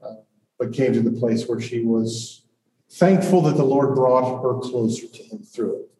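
A male pastor preaching earnestly and reflectively with long pauses, then opening questions to the congregation. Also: medium pitch, steady tone, warm tone, a little hiss or hum. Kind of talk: sermon and congregation Q&A. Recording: roomy hall audio from a distant mic.

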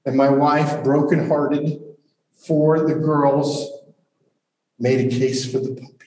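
A male pastor preaching earnestly and reflectively with long pauses, then opening questions to the congregation. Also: fairly high pitch, level tone, dark tone, slight background noise. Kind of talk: sermon and congregation Q&A. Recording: roomy hall audio from a distant mic.

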